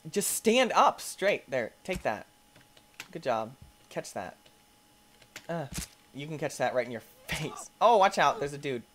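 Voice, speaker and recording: A man giving excitable let's play commentary, yelping and squealing as things go wrong and talking to the characters on screen. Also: fairly high pitch, a little slow, pauses often. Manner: playful, talks to the game characters. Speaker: gaming YouTuber.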